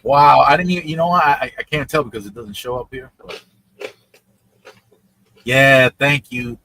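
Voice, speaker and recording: A man hosting a casual live stream, chatting with viewers in an animated way, laughing often and repeating his words. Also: medium pitch, normal speed, slight background noise. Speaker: livestream host.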